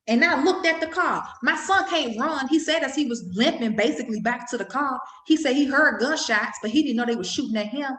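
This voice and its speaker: A woman's voice: high-pitched, fairly quick, hardly any pauses, fairly bright tone. Ranting middle-aged woman, echoey room. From Washington, D.C. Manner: profane, ranting, repetitive and emphatic. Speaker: mother vlogging. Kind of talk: impassioned monologue to camera.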